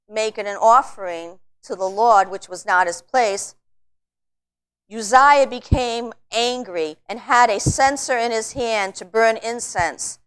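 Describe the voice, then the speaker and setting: A middle-aged woman teaching a Bible study, earnest and exhorting, slowing down to read scripture aloud. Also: fairly high pitch, a bit bright, clear, resonant tone.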